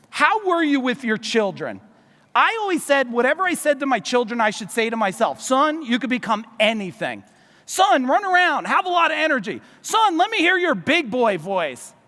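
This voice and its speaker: A man from New Jersey giving a loud, fast, profane motivational business seminar to a live audience in a large hall. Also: very high-pitched. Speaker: business speaker. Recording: long reverb of a large hall.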